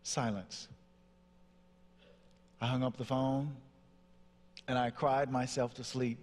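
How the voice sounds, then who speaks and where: This man from Nashville, Tennessee has a medium-pitched, slightly mellow voice that moves little in pitch and goes at a slow pace. He's a motivational speaker on stage, dramatically telling a personal story and performing the voices within it, with long hall reverb on the audio.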